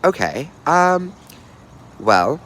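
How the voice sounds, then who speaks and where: A man's voice: fairly high pitch, big pitch swings, drawn-out words, a bit bright, slight background noise. A young man chatting casually on a livestream, bubbly and talkative, reading viewer comments and telling stories. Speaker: livestream host.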